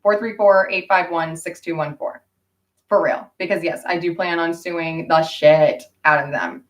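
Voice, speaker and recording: A woman's voice: fairly low pitch, steady tone, a little slow, distant mic. Indignant rambling woman vlogger. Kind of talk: casual rambling vlog monologue.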